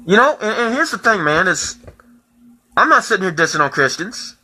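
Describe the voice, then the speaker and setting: A man in his twenties in a profane, heated personal rant that keeps rising into shouting. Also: high-pitched, sing-song, normal speed, low-quality recording. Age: 20s.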